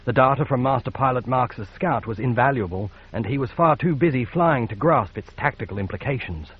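A man with a husky, mid-pitched voice reads narration at a measured, steady pace. The recording sounds dull and lo-fi. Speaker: audiobook narrator. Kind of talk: scripted narration.

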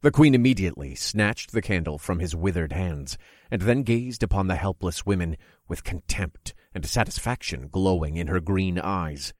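Deep-voiced man reading a dark story. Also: expressive, no echo, clean studio sound. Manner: measured, dramatic reading. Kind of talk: scripted first-person story narration.

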